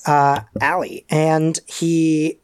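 A man's voice: fairly high pitch, level tone, very slow, smooth, no echo, clean studio sound. A man narrating a tabletop role-playing game as game master in a loose, rambling way, with many "um"s and "uh"s.

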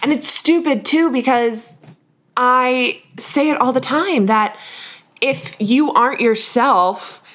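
A woman from the northern United States co-hosting a podcast, talking candidly in a confessional, halting way with frequent restarts. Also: sits high, fairly bright tone. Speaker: podcast co-host. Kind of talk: candid casual chat.

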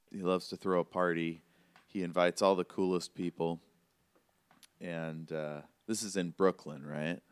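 A man running a tabletop role-play as game master, telling the scene in a relaxed, conversational way with plenty of fillers. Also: sits low, clean tone, no room sound.

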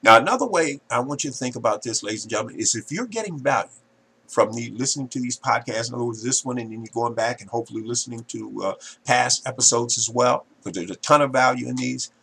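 A male podcast host with a gravelly, slightly husky voice who gives a marketing pep talk. His delivery is emphatic and salesy, and he keeps turning to address the audience directly. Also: medium pitch, fast talker. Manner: emphatic, salesy, keeps saying "ladies and gentlemen".

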